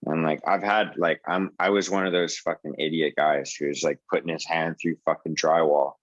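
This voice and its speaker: Young man, very low voice, rambling profane storyteller, dull video-call sound. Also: steady tone, normal speed, no echo. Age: 20s. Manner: rambling, profane, lots of "like" and "dude". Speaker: support group host.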